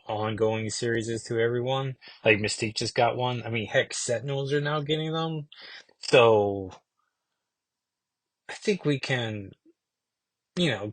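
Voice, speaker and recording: A man's voice: on the low side, fairly bright tone, dry recording. A man giving a casual, rambling comic book review, full of fillers and self-corrections.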